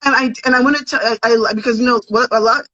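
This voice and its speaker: A woman's voice: on the high side, steady tone, quick pace, sharp tone, no room sound. A woman who grew up in America, a podcast guest talking about her life in an earnest, conversational way. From United States. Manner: earnest, conversational, with false starts. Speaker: podcast guest, content creator. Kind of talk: casual interview chat. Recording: dull, dry audio.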